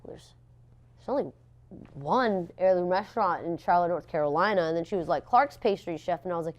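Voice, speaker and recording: A young woman, a pastry chef, telling stories in a casual interview, animated and laughing often as she acts out what people said. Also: fairly low pitch, quick pace, clear, resonant tone.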